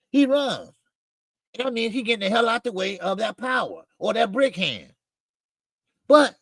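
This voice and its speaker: Guy hosting a boxing livestream, high sharp voice, goes off loud and cusses, shouts out chat folks, dry sound. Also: lively intonation, moderate pace, gravelly, dry recording. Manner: ranting, profane, loud outbursts. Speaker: boxing channel host.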